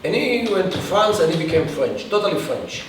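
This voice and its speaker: A man answering an audience question in a halting lecture style, with many restarts and pauses. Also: high voice, lively intonation. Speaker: guest speaker. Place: event hall. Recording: echoey room from far off, faint hiss.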